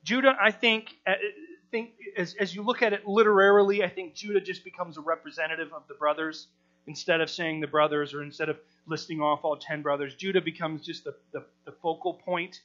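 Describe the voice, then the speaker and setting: Bright-voiced man teaching scripture, lo-fi. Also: a little high, fairly even intonation, brisk. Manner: conversational, with frequent restarts, acts out the quoted people. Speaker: Bible teacher. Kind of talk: verse-by-verse Bible teaching.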